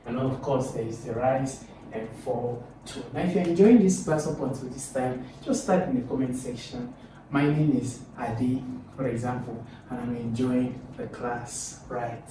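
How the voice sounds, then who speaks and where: Lively man teaching, echoey distant recording. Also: unhurried, a little hiss or hum. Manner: lively, demonstrative, swoops pitch on example phrases. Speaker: English teacher. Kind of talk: recorded video lesson.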